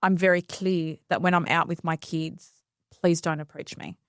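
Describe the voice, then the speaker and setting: A woman's voice: on the low side, fairly even intonation, moderate pace, clear, resonant tone, no echo, studio quality. A woman guest on a podcast, chatting frankly and earnestly about family life with plenty of fillers. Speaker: podcast guest, mum and content creator. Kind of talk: casual podcast chat.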